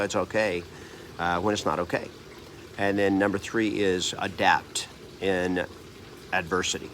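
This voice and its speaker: Low-voiced man telling a personal story. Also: fairly bright tone, slight background noise. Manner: earnest and rambling, with frequent restarts and self-corrections. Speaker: real estate trainer and coach. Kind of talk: personal story and motivational talk to camera.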